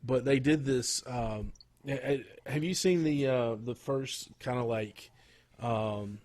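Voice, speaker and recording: A man chatting on a podcast in a mid-range voice, neither high nor low. He rambles through his stories with plenty of pauses, restarts and searching for words. The tone stays loose and conversational throughout. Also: a little mellow. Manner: rambling, lots of fillers and restarts. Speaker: podcast co-host. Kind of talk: casual chat.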